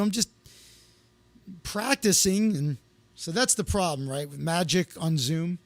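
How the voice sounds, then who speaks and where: A man's voice: high-pitched, lively intonation, moderate pace, a bit bright, no echo. A man hosting a comedy live stream, telling rambling stories to his viewers in a casual way, with lots of fillers and restarts. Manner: loose, anecdotal, with many fillers and restarts.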